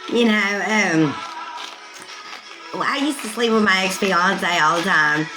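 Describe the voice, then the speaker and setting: A woman's voice: mid-range voice, takes it slowly, rough recording. A talkative woman rambling and laughing often in a casual livestream chat, with music playing behind her. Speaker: livestream host.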